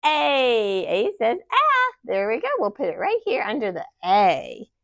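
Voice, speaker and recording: A woman teaching a children's phonics lesson, sounding out vowels slowly and giving encouraging praise. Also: medium pitch, very animated, creaky, no echo. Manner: slow, exaggerated sounding-out of letters; encouraging, sing-song praise.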